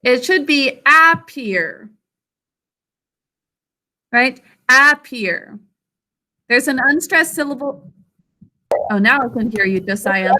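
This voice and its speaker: High, bright slow-speaking woman teacher. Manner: slow, deliberate, sounds out syllables. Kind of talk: teaching a spelling lesson to children.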